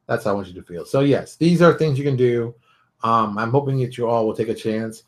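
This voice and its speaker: A middle-aged man hosting a show, giving blunt, animated advice in a casual monologue. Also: medium pitch, a little fast. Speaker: show host.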